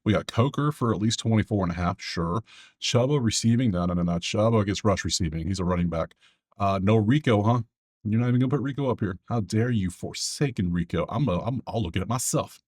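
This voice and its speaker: Clicking through stats for his own sports betting video, a man with a lowish, husky, darkish voice chats loosely to himself. It's casual solo commentary over a screen, sprinkled with quick asides.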